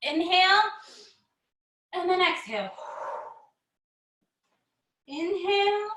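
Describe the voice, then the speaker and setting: A woman leading a children's yoga lesson, animated and encouraging, with sing-song storybook chanting as she greets kids by name. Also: very high voice, slow, a little hiss or hum. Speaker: kids' yoga teacher.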